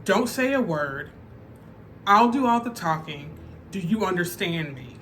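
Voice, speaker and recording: A woman's voice: fairly low pitch, animated, measured pace, a bit bright, a little hiss or hum. A woman putting on the voice of her cocky, defiant young boyfriend as she tells a story. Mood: curt. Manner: curt and defiant.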